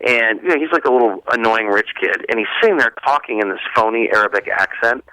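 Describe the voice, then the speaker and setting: A man in his thirties calling in as a radio show guest, bantering casually and jumping into a high voice when he mocks someone. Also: fast, no echo. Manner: animated, voice jumps high when mocking. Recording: call-in phone line.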